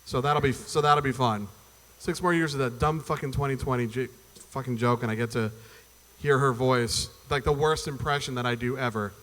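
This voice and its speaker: A man's voice: mid-range voice, steady tone, moderate pace, a bit bright. A man doing an open mic stand-up set, rambling and profane, acting out little voices as he goes. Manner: loose, profane, rambling delivery with acted-out voices. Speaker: stand-up comedian. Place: performance venue stage before a live audience. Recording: long hall reverb from a venue.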